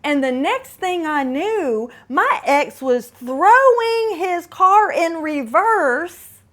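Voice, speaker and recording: A woman's voice: very high voice, animated, slow, a bit bright. A middle-aged woman hosting a podcast, candidly telling a personal story with dramatic asides. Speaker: podcast host.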